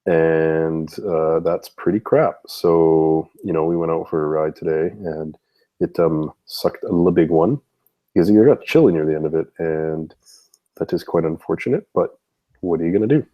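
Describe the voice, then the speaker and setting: A man with a heavy cold, co-hosting a casual live-stream chat with deadpan, teasing banter. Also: extremely low pitch, moderate pace, muffled recording. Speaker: co-host.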